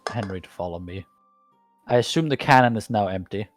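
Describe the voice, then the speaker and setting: A man playing in a tabletop game, halting as he works out his character's actions. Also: lowish voice, expressive, no room sound, faint music behind. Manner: halting, restarts while deciding actions. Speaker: player. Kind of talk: casual tabletop game chat.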